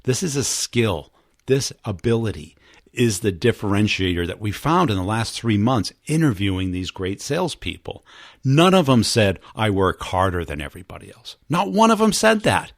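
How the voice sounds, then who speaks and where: Male podcast host, low voice, animated storyteller who acts out quotes, dry close recording. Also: normal speed, no room sound. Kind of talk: podcast storytelling and sales pitch.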